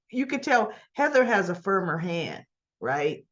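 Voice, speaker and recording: A woman's voice: mid-range voice, animated, moderate pace, dull audio. A woman casually recapping a soap opera episode, acting out the characters' lines as she retells each scene.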